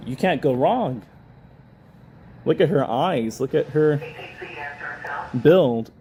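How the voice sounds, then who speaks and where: A man's voice: fairly high pitch, lively intonation, slow, highs cut off, slight background noise. A man casually chatting on a live stream, thanking viewers, reading their comments aloud and laughing often. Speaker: livestream host. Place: indoors, public building.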